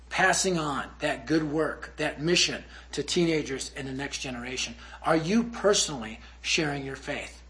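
A man giving a storytelling sermon as a youth ministry speaker, animated and acting out the people in his story. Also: on the high side. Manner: animated storyteller who acts out quotes.

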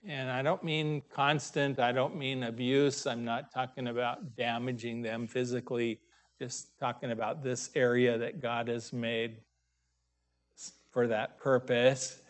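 Man, preacher, sermon, slow delivery, mid pitch, emphatic scripture reading. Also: level tone. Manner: unhurried, pausing often, stressing scripture loudly.

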